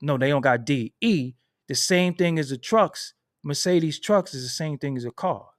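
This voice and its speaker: A man from Brooklyn with a New York accent, hosting a casual commentary monologue, telling stories in an animated, profane, streetwise way. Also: fairly high pitch, normal speed, dry recording, studio quality. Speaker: channel host. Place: at home at his computer.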